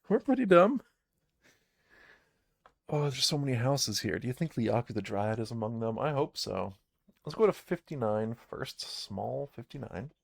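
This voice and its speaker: A man's voice: medium pitch, moderate pace, gravelly, no echo. A man narrating a solo tabletop game on a live stream, reading game text aloud and chatting to himself as he plays.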